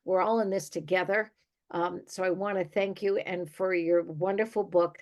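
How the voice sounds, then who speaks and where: A woman's voice: lowish voice, steady tone, normal speed, darkish tone. A woman hosting a casual podcast interview. She is enthusiastic and chatty and laughs easily. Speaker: podcast host.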